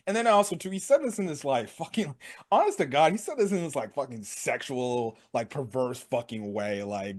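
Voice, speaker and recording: A young man casually recapping a wrestling event for his sports channel, slangy and excitable, laughing and acting out what people said. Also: high voice, measured pace. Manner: excitable, slangy, laughs a lot, acts out quotes. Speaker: sports commentary vlogger.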